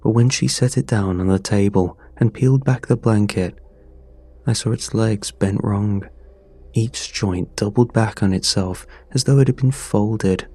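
A man narrating a scripted horror story in a measured, somber way. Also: lowish voice, warm tone, husky.

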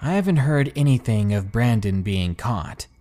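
A man narrating a scary story in a calm, measured, ominous way, then signing off as the channel host. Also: lowish voice. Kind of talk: scripted narration of a horror story. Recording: faint background music.

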